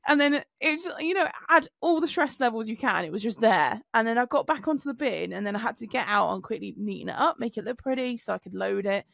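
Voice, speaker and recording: A woman on a podcast, telling an animated story with swearing. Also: on the high side, fast, gravelly, hardly any pauses, no echo, studio quality. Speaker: podcast co-host. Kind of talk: casual chat.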